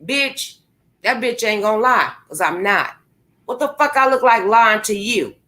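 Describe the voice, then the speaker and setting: A woman vlogger rants angrily into her computer microphone indoors, cursing and confrontational as she speaks straight to camera. Her voice is a little high, expressive, bright and pushed, with an unhurried pace.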